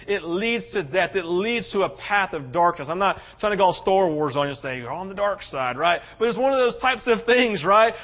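A male pastor preaching a sermon, passionate, swinging between loud urgency and hushed tenderness. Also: high voice. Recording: dull lo-fi sound.

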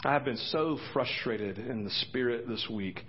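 A man preaching a sermon as pastor in a church, excitable, his voice leaping high when he acts out quotes. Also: normal speed, muffled recording. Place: church sanctuary.

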